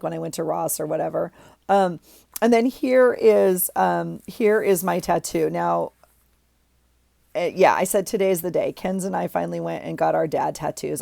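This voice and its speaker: On a dry recording, a middle-aged woman with a low, gravelly, warm voice chats from home about her journal. Her talk is rambling and chatty, with lots of ums and likes.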